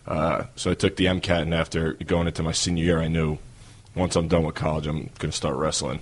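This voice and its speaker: A man with a New York accent, a wrestler telling stories as a podcast guest in a relaxed way with many fillers. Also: a bass voice, fairly quick. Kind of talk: casual interview talk.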